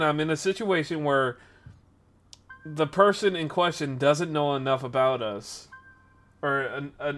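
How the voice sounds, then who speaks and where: A man in his twenties casually telling a rambling story on a podcast stream, with lots of fillers. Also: on the high side. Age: 20s. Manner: rambling, animated retelling with frequent fillers.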